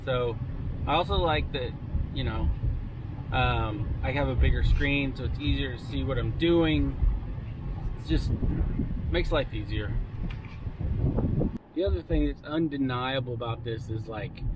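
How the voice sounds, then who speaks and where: A man chats casually and easily as he vlogs, talking at an ordinary middle pitch. The sound comes from an action camera's own mic. Clear road and outdoor noise runs behind him. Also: measured pace, pauses often. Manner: chatty and relaxed, laughs easily. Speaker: vlogger reviewing a camera. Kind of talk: casual vlog chat. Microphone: built-in action camera mic.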